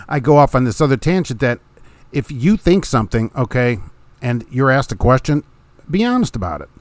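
This blunt, opinionated podcast host, a middle-aged truck driver, talks right into a close mic in a dry home room, making for a dry recording. He's very animated yet keeps a moderate pace at an average pitch, staying casual and laughing briefly between his points.

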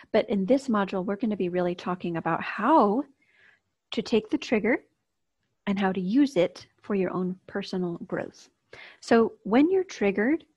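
A woman's voice: mid-range voice, a little mellow, slightly rough, dry recording. Woman, coach type, casual and upbeat, speaking straight to camera, mid-range voice, dull dry recording. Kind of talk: online course lesson. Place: outdoors, near a street. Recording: dull, slightly lo-fi dry sound.

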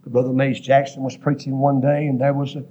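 A man preaching a revival sermon, rhythmically listing words and rising to shouts, recorded in a church. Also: mid-range voice, little pitch movement, brisk, lo-fi sound, slight background noise.

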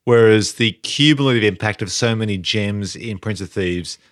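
A man's voice: on the low side, normal speed, no echo, studio quality. A man hosting a casual film-review podcast who hands out awards and prompts his co-hosts in a wry way. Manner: wry, prompting others, lively intonation. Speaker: podcast host running award segments.

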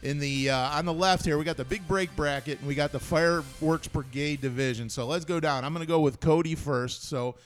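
A man's voice: a little high, fairly quick, hardly any pauses, faint music behind. A man hosting a casual podcast, chatting and leading the segment from a studio. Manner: chatty, leads the bracket picks. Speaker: podcast host.

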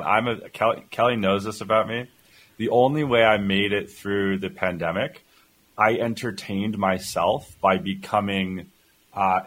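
Guy co-hosting a podcast, lowish voice, rambly and playful, keeps restarting. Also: fairly bright tone, low-quality recording. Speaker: co-host. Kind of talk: casual chat.

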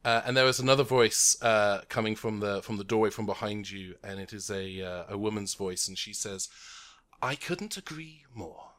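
A man's voice: on the low side, little pitch movement, brisk, few pauses, a bit bright. A man narrating a tabletop game as game master, recorded remotely, describing scenes with many fillers.

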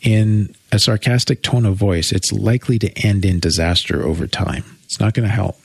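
A man's voice: lowish voice, steady tone, moderate pace, gravelly, slightly rough, dry recording. A man co-hosting a podcast, explaining earnestly in casual chat with wry jokes. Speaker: podcast co-host.

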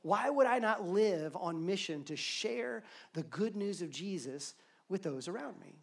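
A man's voice: high-pitched, animated, measured pace, gravelly. A man preaching a sermon as pastor to a live congregation, earnest and building his points through repetition. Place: church sanctuary, live service.

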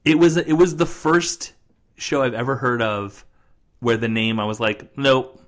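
A man's voice: medium pitch, a little slow. Chatty young man, rambling podcast talk. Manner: jokey, rambling, many fillers. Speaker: podcast co-host. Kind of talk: casual chat.

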